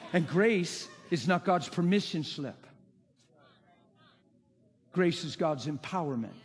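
A man's voice: on the high side, slightly rough. A man preaching a sermon with emphatic, impassioned delivery and rhetorical questions. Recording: long hall reverb.

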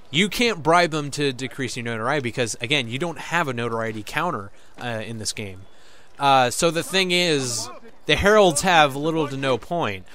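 Casual male gamer, higher bright voice, lively, profane sarcasm. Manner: loose, swearing, sarcastic. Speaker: let's play gamer. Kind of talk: casual gameplay commentary.

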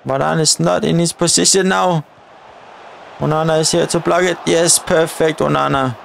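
A man giving excited live commentary on his own football video game career mode, often exclaiming at chances and shouting at the players. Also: a little high, normal speed, creaky, a little hiss or hum. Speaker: gaming YouTuber.

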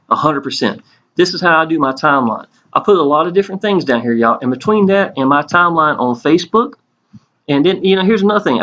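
A man's voice: a little high, a bit bright. Folksy man with a dull lo-fi sound. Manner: earnest and folksy, calls out to viewers again and again. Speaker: network marketing promoter. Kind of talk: casual sales pitch over a screen tour. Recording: dull lo-fi recording.

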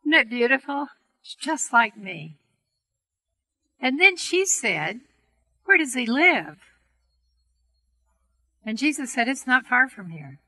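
A middle-aged woman teaching on healing prayer, telling a story gently and earnestly to an audience. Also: sits high, very animated, measured pace, long pauses, poor audio. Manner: gentle, earnest storytelling with soft quoted voices. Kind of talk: storytelling talk to a seminar audience.

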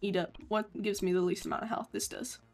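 An Australian woman streams a game, commenting casually in a medium-pitched voice at a brisk clip. She's excitable, swears a lot and keeps bursting into sudden yelps and laughs. Soft background music plays.

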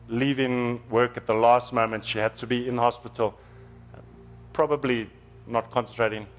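A man preaches in a church, telling testimony stories in an earnest, conversational tone. His voice sits at an ordinary pitch and turns emotional as he speaks, with soft music faintly underneath. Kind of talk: storytelling sermon.

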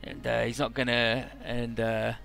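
A man's voice: mid-range voice, completely flat delivery, a little slow, vocal fry, fairly bright tone, soft background music. A young man casually recapping a video game's story, rambling and irreverent, with many uhs. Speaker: let's play narrator.

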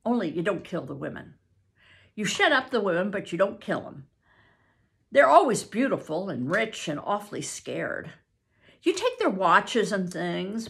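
A bossy, eager boy adventurer, voiced by an older woman reading aloud, leaping up and down in pitch. He talks slowly and confidently, like he knows all the books. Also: exaggerated voice. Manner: animated storytelling, confident.

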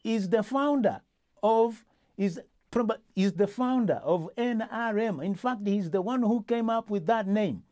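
A man's voice: sits high, measured pace, a little mellow. A male host in a casual political discussion, talking with many restarts and fillers.

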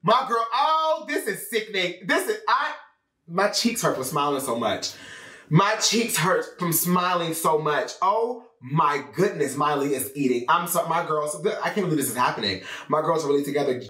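Animated man reacting to an album. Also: fairly high pitch, normal speed. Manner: animated, exclaiming, addressing viewers as y'all. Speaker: music reaction host. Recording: roomy, slightly distant mic with music.

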